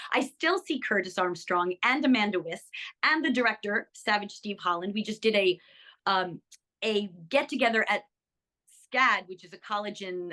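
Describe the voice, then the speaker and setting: An older woman, an actress, chatting enthusiastically about her career in an interview, with many ums and restarts. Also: medium pitch. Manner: enthusiastic, animated, lots of fillers. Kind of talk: casual interview chat.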